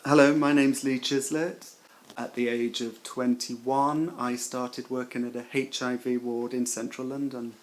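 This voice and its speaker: A middle-aged man, a former nurse, giving personal testimony in an emotional, halting way, often repeating his words. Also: mid-range voice, level tone, rough recording.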